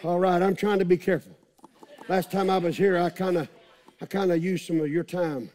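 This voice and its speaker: A middle-aged male pastor preaching a sermon, fiery, with repeated shouted refrains. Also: high-pitched, steady tone, brisk.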